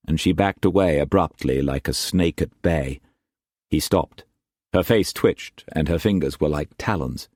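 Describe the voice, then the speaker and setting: Deep-voiced male audiobook narrator. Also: no echo, studio quality. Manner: measured, expressive reading.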